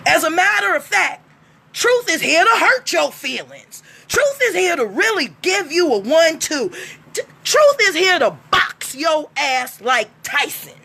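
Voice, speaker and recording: A woman on a live stream, delivering a blunt, profane rant that swings from emphatic talk to shouting. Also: sits high. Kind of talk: profane ranting monologue.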